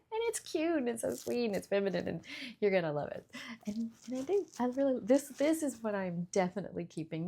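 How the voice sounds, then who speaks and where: A middle-aged woman in a casual haul vlog, gushing and giggling as she shows off clothes, sometimes dropping into soft whispers over small details. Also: lowish voice. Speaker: fashion vlogger.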